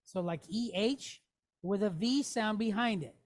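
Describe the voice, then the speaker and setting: A woman's voice: medium pitch, normal speed, a little mellow. A woman teaching a classroom lesson, patiently walking through letters and checking in with her students. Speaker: Hebrew teacher.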